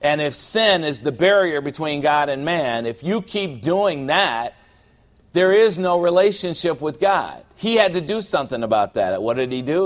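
Speaking slightly on the high side, a middle-aged man preaches as a pastor. He keeps things conversational and lighthearted, dramatizing brief moments from ordinary life.

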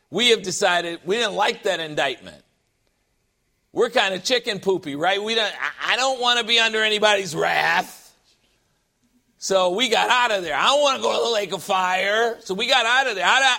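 A middle-aged man preaching a sermon, animated and full of joking asides and rhetorical questions. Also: high voice. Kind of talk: sermon with humor.

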